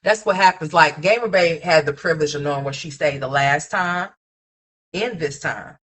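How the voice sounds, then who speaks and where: A woman's voice: low voice, normal speed, a bit bright. A woman doing casual live commentary as a streamer, blunt and profane, scolding the person she is reacting to. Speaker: livestream commentator. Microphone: streaming mic.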